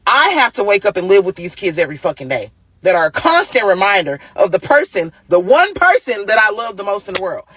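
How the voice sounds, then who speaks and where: A woman's voice: medium pitch, sing-song, a little fast, a bit bright, slightly rough, no room sound. A woman venting angrily and with lots of profanity about raising her sons alone as a single mother. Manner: angry, profane, exasperated. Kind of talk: emotional venting monologue.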